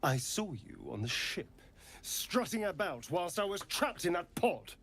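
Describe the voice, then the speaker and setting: An actor voicing a haughty, sneering male elf companion in a video game, speaking in an arch, mocking, theatrical way with a husky voice. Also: sits high, very animated, a little slow, a bit bright, faint music behind, full character voice. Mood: accusing.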